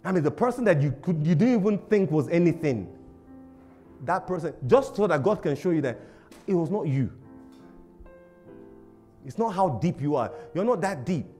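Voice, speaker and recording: A man preaching a sermon as a pastor, animated and humorous, laughing often and acting out little voices. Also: fairly high pitch, moderate pace, pauses often, faint music behind. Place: church service.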